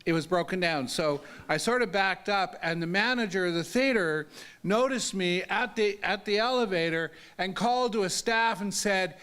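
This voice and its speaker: A man, a disability advocate, telling personal stories in an earnest talk, with halting restarts and an emphatic delivery. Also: pushed and bright, clear, resonant tone. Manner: earnest, halting restarts, pitch rising sharply when emphatic. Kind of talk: storytelling talk to an audience.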